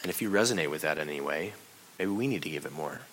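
A man giving a conversational, confessional sermon as a pastor, dropping to a hush and rising loud while telling a story. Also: very deep voice, animated, quick pace, slight background noise, rough recording.

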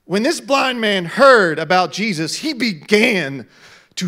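A middle-aged male pastor preaching a sermon, swinging from quiet talk to loud shouts. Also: high voice, big pitch swings, unhurried, gravelly.

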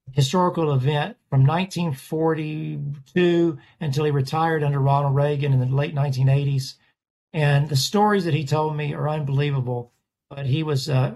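A man's voice: fairly high pitch, a little mellow. Rambling, talkative man telling stories. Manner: rambling, self-correcting storyteller. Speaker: portrait artist guest. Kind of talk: casual conversational interview.

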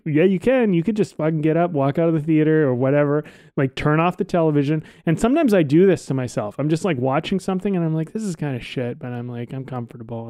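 A man co-hosting a casual podcast, rambling and relaxed, swearing now and then. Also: on the high side, no room sound, studio quality. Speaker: podcast co-host.

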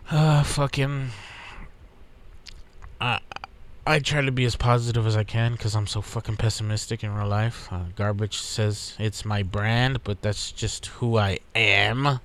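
Slow-talking, profane man hosting a podcast. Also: mid-range voice. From Texas. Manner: profane, rambling, laid-back. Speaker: podcast host. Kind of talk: casual solo podcast monologue.

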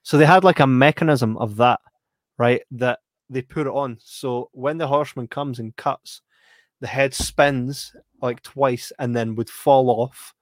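A young man chats casually, spinning a story with animated energy and bursts of laughter. His voice sits at an ordinary middle pitch, recorded close with a dry, dead room sound. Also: a little slow, no echo. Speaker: podcast co-host. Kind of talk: casual chat.

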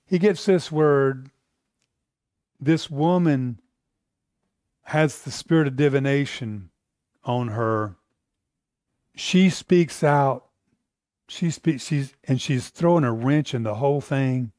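Mellow-voiced American man teaching scripture. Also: medium pitch, slow, long pauses, no echo, clean studio sound. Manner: asks the room questions, animated, repeats himself. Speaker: preacher teaching a Bible class. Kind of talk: conversational Bible teaching.

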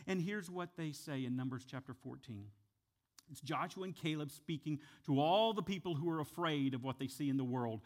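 A man delivers a sermon in a high, bright-pitched voice. He drives his points hard, then drops suddenly to a hushed, low aside, retelling scripture with dramatic weight. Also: moderate pace. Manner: dramatic, acts out quotes with big swings from loud to hushed. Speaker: pastor.

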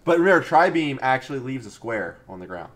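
Male co-host, lively jokey delivery with a wide-ranging pitch. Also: fast, crowd noise. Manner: joking, animated. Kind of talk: casual chat.

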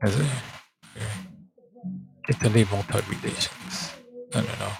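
A man's voice: fairly low pitch, steady tone, a little slow, vocal fry, over music. A man talking casually to himself in a vlog, thinking aloud, trailing off and restarting with lots of fillers.

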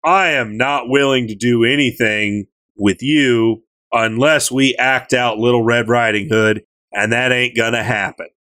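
A grumpy, drunken big bad wolf, as a man puts him on while retelling a game speaks gruffly and bluntly. The delivery sits slightly higher than his usual voice. The sound is dry and close. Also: measured pace, sharp tone, dry recording. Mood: grumbling.

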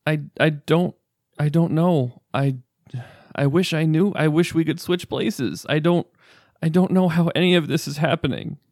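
A man's voice: fairly high pitch, a little mellow, dry recording, studio quality, natural voice. A man playing Rogyar, a grieving stammering father. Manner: halting, stammering. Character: grieving middle-aged father, shaken.

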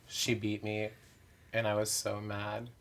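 A man's voice: fairly low pitch, completely flat delivery, slow pace, fairly bright tone. A man who performs in drag, chatting candidly in an interview with many "like" fillers and self-mocking asides. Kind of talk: casual interview chat.

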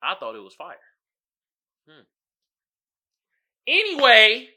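Hosting a laid-back, comedic podcast, this man speaks a little slowly in a high, bright, sing-song voice with a forceful tone. He uses plenty of slang, laughs a lot, and addresses his listeners as "y'all."

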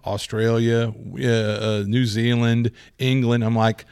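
A man chatting casually about movies, rambling and animated with many restarts. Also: mid-range voice, slow pace, smooth, no echo, clean studio sound.

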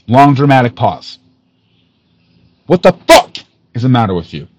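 A man hosting a podcast, ranting in an angry callout with lots of swearing, missing some teeth, swinging from loud outbursts to low muttering. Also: big pitch swings, measured pace, heavy background noise. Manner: profane, heated, swings from shouting to low muttering. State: missing teeth, awaiting dental work. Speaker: podcast host.

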